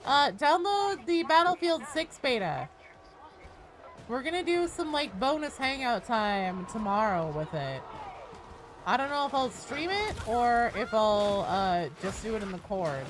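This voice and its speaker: A woman's voice: a little slow, noisy background. A woman streaming a game, chatting casually, joking and swearing as she greets viewers. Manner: joking, swears, bursts into high excited greetings.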